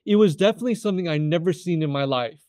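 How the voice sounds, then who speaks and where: A man in his thirties from California, telling his life testimony as a guest in an earnest, halting way, often repeating words as he restarts. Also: on the high side, animated, a little mellow, no echo, clean studio sound. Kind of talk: personal testimony storytelling.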